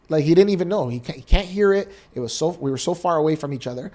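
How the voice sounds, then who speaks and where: A man's voice: a little high, racing. Earnest Canadian man telling a personal story. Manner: earnest, emotional, animated retelling. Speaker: podcast co-host.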